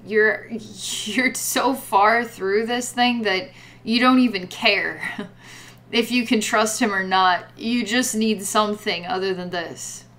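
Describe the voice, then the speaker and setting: A woman leads a guided psychic reading, talking to a client about energies and visions. She rambles, with many fillers and repeated words. Her voice sits at a middle pitch. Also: takes it slowly, a bit bright. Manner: rambling, full of "like" and repetitions. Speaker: psychic reader.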